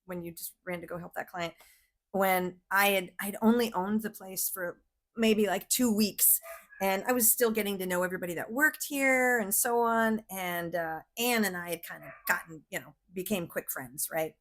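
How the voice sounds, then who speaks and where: Animated storytelling woman owner. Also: medium pitch, moderate pace. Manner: animated storyteller, acts out quotes, laughs often. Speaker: business owner and podcast host. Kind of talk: casual storytelling chat.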